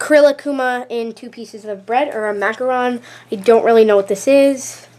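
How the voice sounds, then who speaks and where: A high, bright-pitched woman talks through a casual show-and-tell vlog. She is chatty and gushing, leaning on "like" and repeating "really, really." She films on a handheld camera that shakes at times. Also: normal speed. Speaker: YouTube vlogger showing her collection. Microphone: handheld camera, shaking at times.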